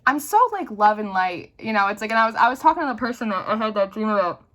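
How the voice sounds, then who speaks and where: Bright, animated young woman chatting. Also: mid-range voice, fast talker. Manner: animated, swearing, many "like" fillers. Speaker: tarot reader. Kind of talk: casual spiritual talk to camera.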